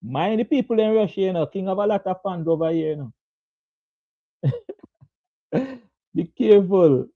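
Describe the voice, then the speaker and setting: A man's voice: high-pitched, expressive, moderate pace, pauses often, no echo. A man with a Jamaican accent hosting a casual live cricket chat, laughing often and greeting viewers by name. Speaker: host. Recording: dull lo-fi dry sound.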